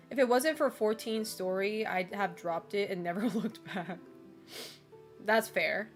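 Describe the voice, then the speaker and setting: A woman's voice: mid-range voice, slow, long pauses, soft background music. A woman streamer chatting casually with her viewers, loose and filler-heavy, with frequent laughs. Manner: loose and chatty, full of "like" and "you know"; laughs often between remarks. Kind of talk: casual chat with a live chat.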